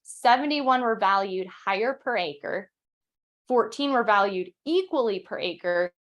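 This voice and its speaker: A young woman hosting a casual history talk at a home setup, chatty and quick, with fillers and restarts, reading quotes aloud. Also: medium pitch, expressive, muffled recording. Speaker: podcast host.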